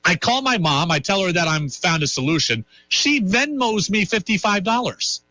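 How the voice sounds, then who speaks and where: Radio host, man, 30s, self-deprecating storyteller, bright voice a bit high, dry studio mic. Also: sing-song, dry recording, faint music behind, low-quality recording. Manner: rambling, self-deprecating, talks quickly. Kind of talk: casual storytelling monologue.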